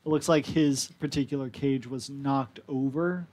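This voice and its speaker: A man's voice: medium pitch, moderate pace, a little mellow. Man narrating as game master. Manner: descriptive, matter-of-fact narration.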